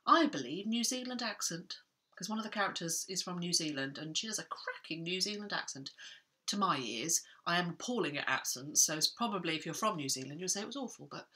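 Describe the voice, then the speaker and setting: A woman's voice: on the low side, pushed and bright. A middle-aged woman, chatting casually about her reading in a rambling, self-interrupting way. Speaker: book vlogger. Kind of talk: chatty book vlog.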